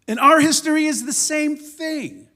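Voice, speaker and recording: A man, a rabbi, giving a sermon in a synagogue, emphatic and impassioned, moving between loud declarations and quiet, humorous asides. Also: very high voice, a little slow. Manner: conversational storytelling with self-deprecating humor. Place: synagogue sanctuary.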